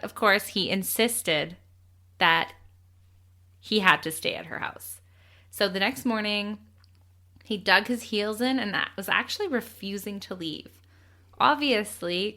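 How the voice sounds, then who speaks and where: A young woman co-hosting a casual true crime podcast, chatty and quick to laugh, swearing casually as she tells the story. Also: medium pitch, pushed and bright.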